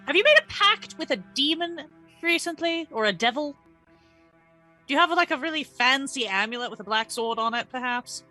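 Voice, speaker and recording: A woman player with a bright, sharp voice and a very lively pitch. She questions characters in character with animated curiosity. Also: moderate pace, soft background music, rough recording. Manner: animated and inquisitive, laughs often. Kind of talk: tabletop role-play chat.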